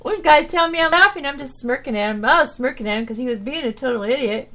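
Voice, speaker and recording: Rambling, animated woman telling work stories. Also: sits high, fast talker. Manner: rambling, with many restarts and "you know"s; animated, swinging from loud to soft. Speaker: podcast host. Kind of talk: casual storytelling monologue.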